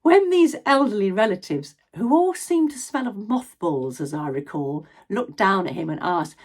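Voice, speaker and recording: A woman in her sixties, an ADHD and education coach and former drama teacher, giving parents practical advice in an expressive instructional talk. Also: medium pitch, moderate pace, hardly any pauses. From Scotland. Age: 60s.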